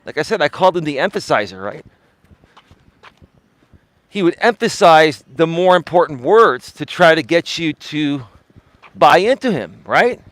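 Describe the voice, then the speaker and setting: A man's voice: sing-song, a little slow, pauses often, fairly bright tone, no room sound. Emphatic middle-aged man, life coach. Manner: emphatic, swinging highs and lows. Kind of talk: live-stream talk.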